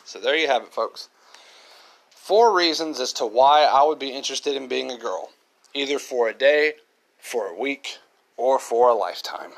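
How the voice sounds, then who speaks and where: A man's voice: medium pitch, moderate pace. A man hosting his own podcast, talking in an earnest, reflective monologue and often repeating himself. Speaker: podcast host.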